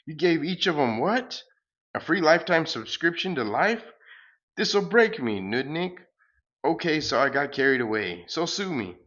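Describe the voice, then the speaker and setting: A man voicing a pompous cosmic salesman giant who makes grandiose, drawn-out proclamations while reading a parody comic aloud. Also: on the high side, very animated, a bit bright, highs cut off, pitched above the performer's own voice. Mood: indignant.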